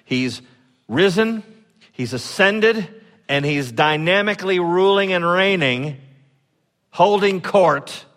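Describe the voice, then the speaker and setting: A male pastor giving a sermon in a church sanctuary, telling stories in a conversational way and acting out quoted voices with lively swings. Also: medium pitch.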